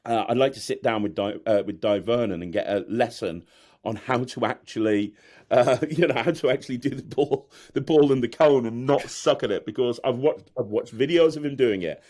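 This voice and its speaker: A man's voice: medium pitch, normal speed, darkish tone. A man, a magician, chatting candidly in an interview, rambling and self-deprecating with frequent laughs. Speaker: magician guest. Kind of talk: candid casual interview chat.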